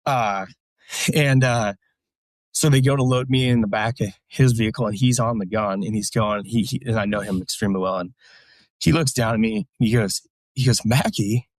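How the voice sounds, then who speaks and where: Veteran guest, male, lowish voice, dry sound, profane plain-spoken storyteller. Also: a little fast, no echo. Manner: profane, blunt war stories with many fillers. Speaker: podcast guest, military veteran. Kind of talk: casual storytelling.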